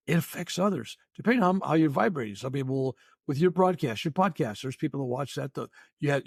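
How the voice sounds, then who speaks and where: The older reverend from the United States has a gravelly, mid-range voice with some roughness, recorded clean in a studio with no echo. Guesting on a spiritual podcast, he speaks earnestly but wanders, repeating words and saying "you know" a lot.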